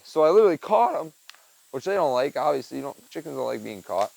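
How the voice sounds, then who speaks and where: This rough recording from a wearable mic catches a young man with a medium, darkish voice, big pitch swings, vocal fry, and a quick pace. He rambles through a casual vlog while building a chicken feeder in a backyard with a coop and tool bench, dropping "dude" and "man" constantly.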